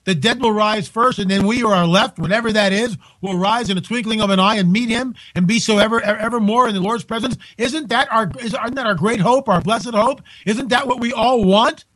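A man hosting a live talk radio show from home, incredulous and animated, restarting his sentences often. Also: sits high, a little fast, few pauses, rough recording.

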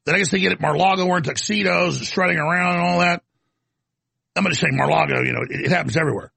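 Male show host with a husky, somewhat high voice, talking off the cuff in long, rambling stretches with stuttered restarts. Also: racing, pushed and bright, no echo. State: coughing, throat irritated. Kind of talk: off-the-cuff commentary monologue.

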